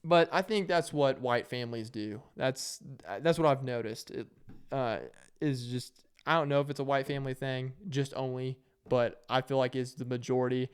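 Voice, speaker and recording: A man's voice: mid-range voice, steady tone, moderate pace, clear, resonant tone. A young man telling stories in a casual, rambling and jokey monologue. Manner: rambling, jokey, acts out quotes in shouted voices. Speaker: vlogger.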